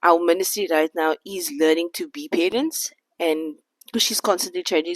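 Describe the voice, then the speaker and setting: A woman's voice: fairly low pitch, moderate pace, dry recording, poor audio. A woman in her thirties talking candidly to camera in a sit-down vlog, reflective and a little out of breath. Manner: candid, reflective, faith-centered. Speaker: vlogger.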